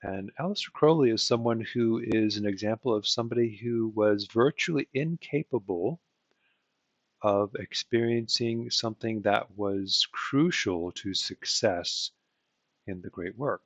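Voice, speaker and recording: A man with a lowish voice talks through a casual lecture, rambling and stopping often to ask "okay?". The sound is dry and a little dull, like a lo-fi home recording. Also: unhurried, dry recording. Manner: rambling, frequent "okay?" check-ins. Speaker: occult teacher.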